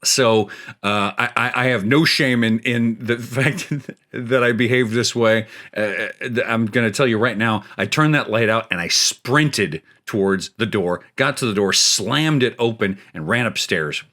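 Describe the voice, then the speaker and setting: A man's voice: mid-range voice, measured pace, bright, forceful tone. A man hosting a gaming show, telling a spooky story in a rambling, chuckling way with plenty of restarts. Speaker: show host.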